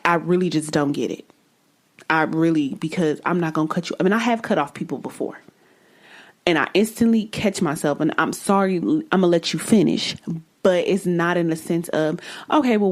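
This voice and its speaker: A woman hosting a solo podcast, talking in a blunt, exasperated way with free swearing. Her voice sits a little low, and her speech has a casual flavor. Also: darkish tone. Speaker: podcast host.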